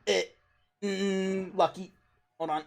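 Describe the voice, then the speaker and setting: A man's voice: high voice, fairly even intonation, slow, creaky, a little hiss or hum. A man playing a tabletop game, talking hesitantly with lots of fillers and laughing easily. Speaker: player. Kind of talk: casual tabletop chat.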